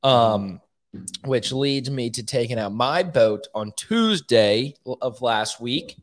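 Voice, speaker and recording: A man's voice: mid-range voice, slow pace. A man hosting a podcast, telling a story in a loose, profane ramble. His voice sits mid-range, and he pokes fun at himself as he goes. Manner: profane, animated, self-mocking. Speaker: podcast host. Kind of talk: casual storytelling.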